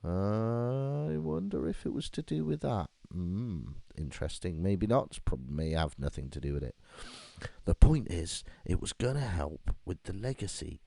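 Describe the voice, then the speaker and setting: Deep-voiced gamer ranting over play. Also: male voice, moderate pace, gravelly, no echo. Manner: reads game text aloud, breaks into animated rants. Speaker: gaming video host. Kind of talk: game playthrough commentary.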